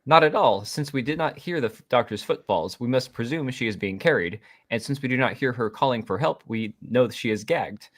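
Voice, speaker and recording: A man reading an android who plays a prim detective, with crisp, clipped deductive delivery at a live table read. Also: mid-range voice, animated, brisk, few pauses, a bit bright. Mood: deducing.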